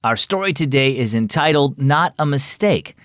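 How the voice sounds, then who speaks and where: A man hosting and reading a children's story in a gentle, reassuring way. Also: medium pitch, animated, normal speed, dry recording, clean studio sound. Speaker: host and storyteller. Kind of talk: scripted story narration for children.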